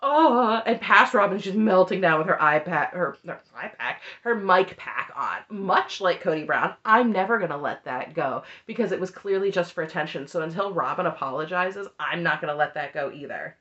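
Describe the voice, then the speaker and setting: A woman's voice: on the low side, expressive, normal speed, hardly any pauses, a bit bright, highs cut off. A woman giving an opinionated, sarcastic recap of a reality TV show, laughing often as she talks. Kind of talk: opinionated reaction commentary.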